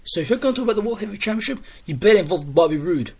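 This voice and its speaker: A man giving a casual spoken review of a wrestling show, rambling and excitable, restarting sentences as he retells the matches. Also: high voice, very fast, gravelly, few pauses, a little hiss or hum. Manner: rambling, excitable recap with restarts and quoted lines.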